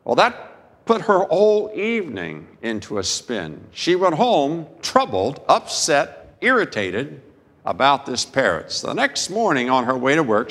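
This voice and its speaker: A man preaching a sermon as a pastor, slow and deliberate, with dramatic pauses. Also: medium pitch, fairly bright tone, long reverb tail.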